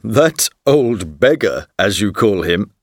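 A relaxed painter with an easy, teasing manner, voiced slowly in a storybook by a man reading all the parts. His lines move freely up and down in a dry, close recording. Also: on the low side, no room sound, pitched below the performer's own voice, heavily acted. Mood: amused.

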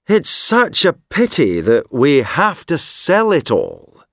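A man voicing a smooth-talking male con man who is persuasive and sly, confiding and sometimes hushed, in a textbook listening story. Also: fairly high pitch, wildly swooping pitch, slow pace, no echo, studio quality, pitched above the performer's own voice, exaggerated voice. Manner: confiding, turns hushed and secretive.

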